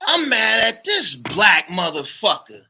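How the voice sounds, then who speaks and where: A man telling a heated personal story to his channel, swearing often and shouting when worked up. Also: sits high, huge pitch swings, a little slow, vocal fry, breathy edge. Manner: repeats "you dig what I'm saying". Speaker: channel host. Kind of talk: storytelling vlog monologue.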